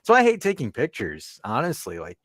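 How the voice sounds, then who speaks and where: A man's voice: medium pitch, huge pitch swings, brisk, fairly bright tone, dry recording, studio quality. A man co-hosting a livestream podcast, chatting casually, rambling, swearing and reading out chat messages. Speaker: podcast co-host.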